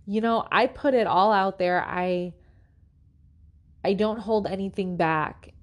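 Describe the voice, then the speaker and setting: A woman hosting a podcast, telling her own story of faith and struggle in an earnest, halting way with many restarts. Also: medium pitch. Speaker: podcast host. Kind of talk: personal faith testimony.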